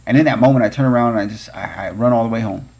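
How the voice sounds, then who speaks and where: Man, podcast host, earnest storyteller, slightly husky voice, dull lo-fi sound. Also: mid-range voice, racing, a little mellow.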